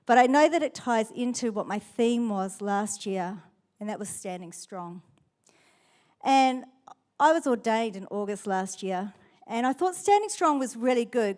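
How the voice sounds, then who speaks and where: A woman's voice: a little high, lively intonation, a little slow, darkish tone. A middle-aged woman pastor with a New Zealand accent, preaching a sermon in a chatty, storytelling way.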